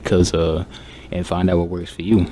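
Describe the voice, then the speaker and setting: A young man with a low, deep voice talks in a flat, monotone way, keeping it quiet and subdued. He rambles casually through gaming advice with plenty of fillers. A faint hiss sits under the recording. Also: normal speed. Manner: laid-back, rambling with many fillers. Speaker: gaming YouTuber.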